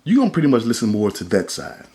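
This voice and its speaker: A man's voice: on the low side, huge pitch swings, fast, warm tone. Emphatic preachy man on a podcast. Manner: emphatic, colloquial, sermon-like. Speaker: podcast host. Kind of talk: casual preachy monologue.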